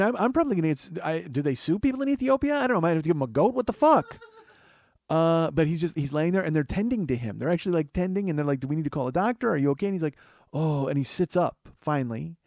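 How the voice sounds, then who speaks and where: A man tells a story with comic, profane bite and animated delivery. His voice sits a little high and dry, close to the mic. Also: no echo. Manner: animated, profane, self-mocking. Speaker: comedian host. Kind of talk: comedic storytelling monologue.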